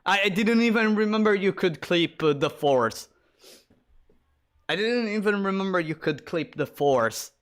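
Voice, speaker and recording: An excitable man streams a retro shooter, giving casual, rambling commentary on his gameplay. His voice sits high and his pace is measured, and he swears and laughs whenever something surprises him.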